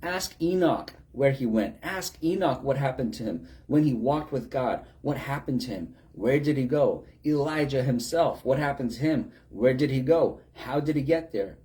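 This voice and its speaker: A man's voice: medium pitch, lively intonation, moderate pace, hardly any pauses, warm tone. A man preaching a sermon in a conversational way, with many rhetorical questions and acted-out quotes.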